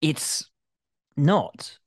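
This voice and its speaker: A man's voice: drawn-out words, no echo, clean studio sound. A middle-aged man chatting on a podcast as a guest, talking emphatically and expansively. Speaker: guest, motorsport reporter. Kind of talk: casual podcast chat.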